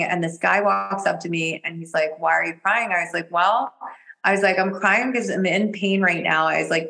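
Animated woman guest with a low voice. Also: rough recording. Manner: animated, laughs often, jumps into quoted voices. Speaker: podcast guest, energy healer. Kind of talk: casual storytelling interview.

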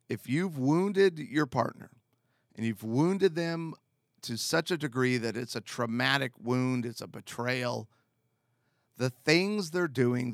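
A man speaking as a marriage counselor, giving calm, earnest and direct advice with repeated emphatic phrases. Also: mid-range voice, no echo, studio quality. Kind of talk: advice talk to camera.

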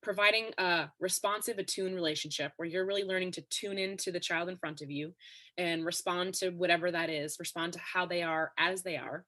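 Low, bright-toned woman explaining steadily. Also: steady tone, fairly quick. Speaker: expert guest. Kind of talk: conversational podcast interview.

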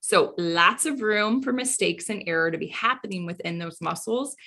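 Host: woman, bright voice, friendly and explanatory, casual interview tone. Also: medium pitch, normal speed. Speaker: podcast host, pelvic floor physical therapist.

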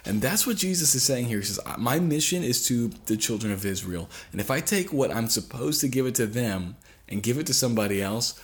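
A man's voice: mid-range voice, animated, brisk, hardly any pauses. A man, a father, preaching a sermon in an earnest, pleading way, repeating phrases for weight.

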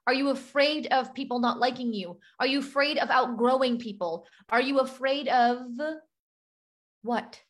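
A woman's voice: sits high, fairly even intonation, normal speed. A woman hosting a motivational coaching talk, emphatic and full of rhetorical questions, acting out doubting inner voices. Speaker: podcast host and business coach.

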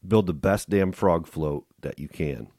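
A man reading aloud the lines of a blunt, fatherly veteran navy master chief in a plain-spoken, steady way. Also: low-pitched, a little slow, dry recording, clean studio sound.

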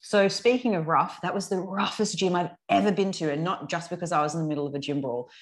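Woman, 30s, low voice, blunt and laughing, leads the podcast chat. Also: quick pace. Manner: frank, laughing, swears freely. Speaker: podcast co-host, fitness coach. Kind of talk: casual chat.

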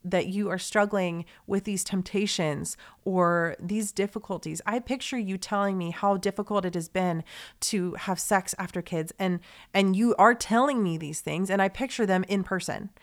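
A woman's voice: mid-range voice, normal speed. A young woman hosting a podcast, talking in a heartfelt, confiding monologue that rambles along with fillers and restarts and turns emotional. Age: young adult. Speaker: podcast host.

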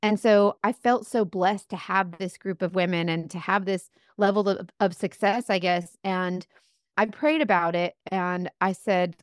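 A young woman, a guest on a podcast interview, telling a personal story in an earnest, animated way with many fillers and restarts. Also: medium pitch, measured pace, dry recording, clean studio sound. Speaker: guest, top makeup seller.

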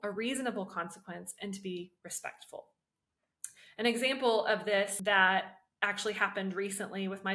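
A woman's voice: mid-range voice, pushed and bright. A woman hosting a parenting podcast, talking in a casual, conversational way and explaining her points through everyday examples.

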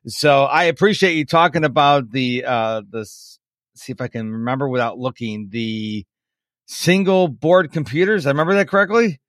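A man co-hosting a podcast in casual chat, rambling and joking at his own expense, often breaking into lively, animated bursts. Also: medium pitch, normal speed, dry recording, clean studio sound. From Texas. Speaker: podcast co-host.

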